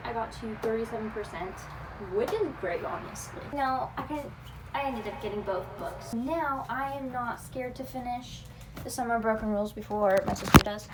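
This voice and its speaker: A young woman vlogging casually about books she is reading, chatty and giggly, rambling between thoughts. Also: a little high. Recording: noisy phone recording.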